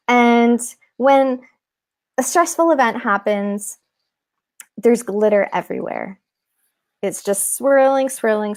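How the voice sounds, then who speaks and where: A woman guest who teaches mindfulness to children, explaining techniques in an animated way in a casual interview. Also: medium pitch, creaky. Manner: animated, demonstrates with props and breathing.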